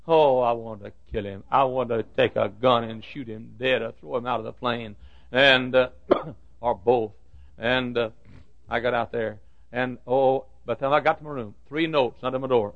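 A man's voice: mid-range voice, normal speed, vocal fry, a bit bright, dry recording. A man preaching to school staff in a folksy sermon, telling humorous stories with self-deprecating asides. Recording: dull lo-fi recording.

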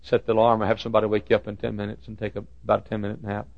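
A man's voice: on the low side, completely flat delivery, very fast, creaky, no room sound. A man preaching to school staff in a folksy sermon, telling humorous stories with self-deprecating asides. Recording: dull lo-fi recording.

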